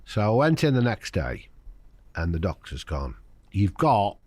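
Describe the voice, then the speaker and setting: A man's voice: sits low, big pitch swings, normal speed, a little mellow, breathy edge, dry recording. An older man, a podcast guest, tells a personal story frankly and acts out the voices of the people in it. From United Kingdom. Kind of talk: candid conversational storytelling.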